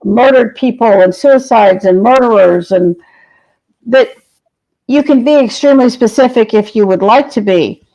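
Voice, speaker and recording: Earnest higher-voiced woman telling stories. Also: warm tone, highs cut off. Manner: earnest, compassionate, unhurried. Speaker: shaman guest. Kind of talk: earnest podcast storytelling.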